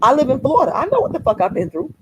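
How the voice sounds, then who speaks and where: A woman's voice: high voice, huge pitch swings, very fast, dull audio, background noise. A woman hosting a casual livestream, talking fiercely and emphatically to her viewers, repeating phrases and swearing freely. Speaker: activist livestream host.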